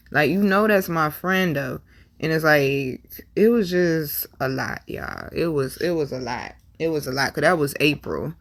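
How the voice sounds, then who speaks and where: A young woman vlogger telling a painful personal story candidly, with slang and swearing, and repeating lines for emphasis. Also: very deep voice. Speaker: tarot and numerology vlogger.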